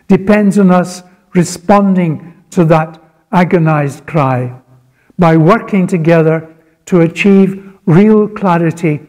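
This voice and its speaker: A man preaching a sermon in a slow, earnest and reflective way. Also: a little high, dark tone.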